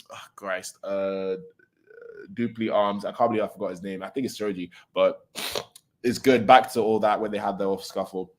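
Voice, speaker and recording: A man streaming a casual manga reaction, reading character dialogue aloud between his own slangy asides, with frequent fillers and restarts. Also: on the low side.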